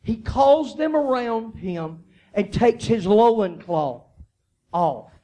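Pastor guy preaching, very high voice, slow and drawn out, goes from hushed to yelling. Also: expressive. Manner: swings from soft, low storytelling to loud, high shouting; repeats and restarts phrases while preaching. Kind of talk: sermon.

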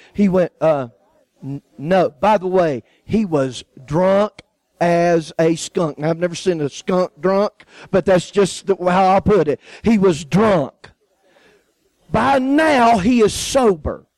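A man's voice: high voice, darkish tone, no echo, low-quality recording. A man preaching, telling a personal story and acting out the people in it. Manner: folksy storyteller acting out quoted voices. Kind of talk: sermon testimony storytelling.

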